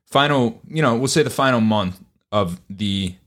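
A man's voice: lowish voice, lively intonation, moderate pace, fairly bright tone. A man hosting a casual sports podcast, talking animatedly and swearing, and acting out other people in exaggerated voices. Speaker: podcast host. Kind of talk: casual chat.

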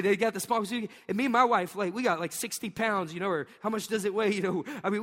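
A middle-aged pastor preaching a sermon, animated and storytelling, often laughing and acting out voices. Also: male voice, high-pitched. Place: large church hall. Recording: long hall reverb.

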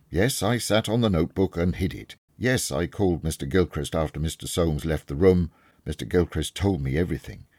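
A man's voice: low voice, darkish tone, breathy edge, no echo, studio quality. Man reading as a humble, loyal old servant. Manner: humble, earnest. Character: loyal older male servant, humble and earnest.

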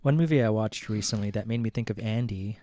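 A man's voice: fairly low pitch, fast, warm tone, no echo, studio quality. A man co-hosting a podcast, chatting casually and rambling through stories about movies. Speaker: podcast co-host. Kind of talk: casual chat.

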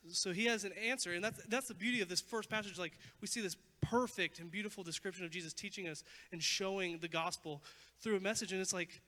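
A young man preaching a sermon as a youth pastor, casual and animated, with many "like" fillers. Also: sits high, fast talker. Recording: long hall reverb.

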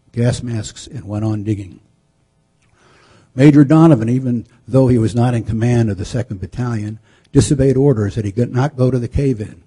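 A man narrates a historical story in a measured, solemn manner. His voice is deeply dark and mellow, with a husky grain. He reads steadily and sometimes trips over a word and repeats it. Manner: measured, solemn delivery with occasional slips.

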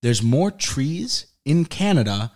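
A young man co-hosting a casual podcast, excitedly sharing fun facts with friends. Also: medium pitch, slow. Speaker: podcast co-host. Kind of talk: casual chat.

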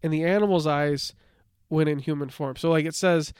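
A man's voice: a little high, moderate pace, clean tone, no room sound, clean studio sound. A man co-hosting a podcast, telling lore in a casual, chatty way and reading bits from his notes, with lots of filler words. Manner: relaxed storytelling, reads from notes, many "like" fillers. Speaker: podcast co-host. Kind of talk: casual chat.

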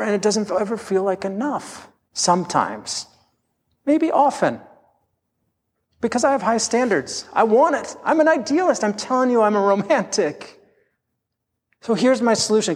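Pastor guy preaching, kinda high voice, honest and self-deprecating, echoey church hall. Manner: candid, self-deprecating, animated storytelling. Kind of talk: sermon.

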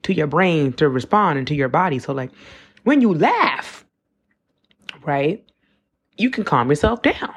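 Woman in her twenties, deep husky voice, casual podcast musing, loose rambling phrasing. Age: 20s. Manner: conversational, with frequent "like" and self-corrections. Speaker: podcast host. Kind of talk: casual reflective monologue.

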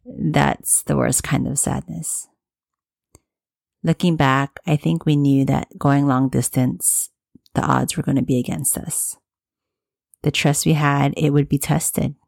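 A woman in her thirties talking candidly in a personal, reflective monologue, with soft fillers and restarts. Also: sits low, vocal fry, no room sound, clean studio sound.

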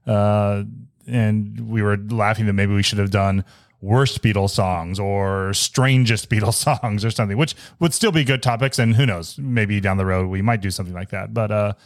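A podcast host with a fairly low voice chats casually at a moderate pace, peppering his talk with fillers and laughter. The recording is clean studio sound with no room audible.

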